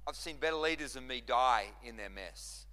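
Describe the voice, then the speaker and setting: Forceful man preaching in a hall. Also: medium pitch, lively intonation, normal speed. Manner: impassioned preaching with repetition and restarts. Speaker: pastor. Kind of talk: sermon. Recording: long reverb of a large hall.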